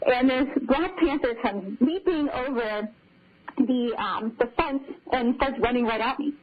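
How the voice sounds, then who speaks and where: Lively woman retelling a dream. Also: sits high, measured pace, low-quality recording. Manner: animated, laughs often while telling. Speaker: caller sharing a dream. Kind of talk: telling a dream story.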